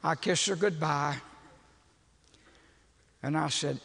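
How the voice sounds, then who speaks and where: An older man, preaching as a folksy, animated storyteller who laughs at his own jokes. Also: high-pitched, moderate pace, vocal fry. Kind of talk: storytelling sermon. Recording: echoey hall with long reverb.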